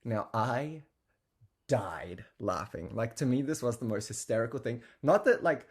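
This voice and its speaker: A man's voice: medium pitch, expressive, measured pace, breathy edge. A man telling a story in a casual, chatty way, with lots of fillers and laughing asides. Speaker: guest telling an anecdote.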